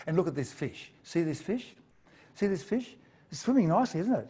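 A man's voice: high-pitched, fairly quick, husky. Playful, jokey male science presenter. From Australia. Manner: playful, jokey, animated storytelling. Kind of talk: lively live science talk.

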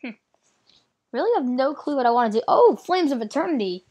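A woman casually commenting on her own card game as she plays, thinking out loud and teasing her opponent. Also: high-pitched, animated, a little fast, husky. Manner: chatty, thinks aloud, playful trash talk. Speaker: gameplay commentator. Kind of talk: casual let's-play commentary.

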